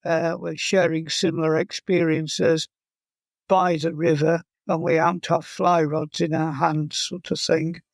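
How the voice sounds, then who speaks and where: Man, fly casting instructor. Slow, drawn-out delivery, humorous storyteller, fairly high pitch. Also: little pitch movement, dry recording. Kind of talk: casual interview chat.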